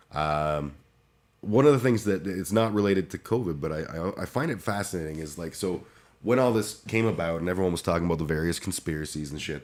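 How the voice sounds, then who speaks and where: A man's voice: sits low, a little mellow. A man chatting casually on his livestream, rambling and self-deprecating with lots of restarts. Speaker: streamer.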